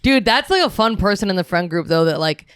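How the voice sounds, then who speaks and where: Smooth-voiced young woman, dry close mic. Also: mid-range voice, expressive, no room sound. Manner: rambling, filler-heavy storytelling with quick put-on voices. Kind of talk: casual chat.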